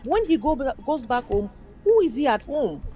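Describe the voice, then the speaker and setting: A woman's voice: high voice, very animated, normal speed, warm tone. A woman speaking emphatically in casual chat, mimicking other people's voices as she makes her points. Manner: emphatic, acts out quoted people.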